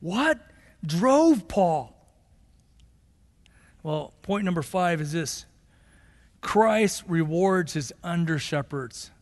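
A male pastor delivering an impassioned sermon, swinging from forceful, emphatic passages to low, slow, quiet stretches. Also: animated. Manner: impassioned preaching, rising to shouts then dropping low and slow. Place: church sanctuary. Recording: long hall reverb of a sanctuary.

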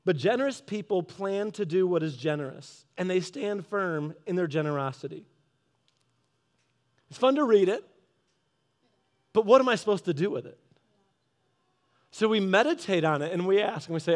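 A man giving a casual devotional talk, telling a story in a lively way and acting out both sides of an argument. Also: high voice, normal speed, long pauses. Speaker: Christian speaker. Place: garage office.

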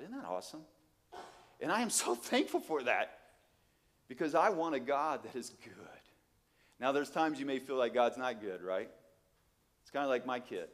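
Male preacher, middle-aged, animated, emphatic, rhetorical questions, mid-pitched voice. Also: big-room sound. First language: Portuguese. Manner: animated, emphatic, swings from low asides to loud exclamations, rhetorical questions. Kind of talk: sermon.

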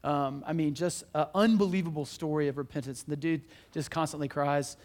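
A man's voice: fairly high pitch, fairly even intonation, brisk, darkish tone. A man preaching a sermon as pastor, earnest and conversational, asking his listeners questions and restarting his sentences often.

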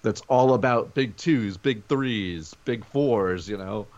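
A man's voice: fairly low pitch, slow pace, a little mellow, muffled recording, a little hiss or hum. A man co-hosting a sports podcast from home over a video call, talking energetically in casual chat. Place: home during a snow day.

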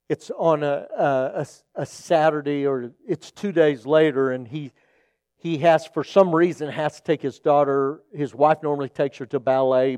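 A man's voice: on the high side, a little mellow, clear, resonant tone, dry recording. A man preaching as a pastor, telling stories earnestly and acting out the people in them. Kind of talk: sermon with personal storytelling.

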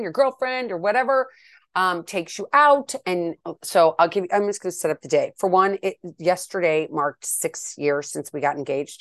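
A woman in her fifties telling a story to her viewers in a chatty, animated way, with exasperated asides. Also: sits low, no echo, clean studio sound. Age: 50s. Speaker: vlogger and wellness coach.

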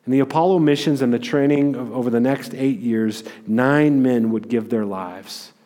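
A male pastor preaching a sermon in an energetic, emphatic way, often restarting his sentences. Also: mid-range voice, normal speed. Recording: long hall reverb.

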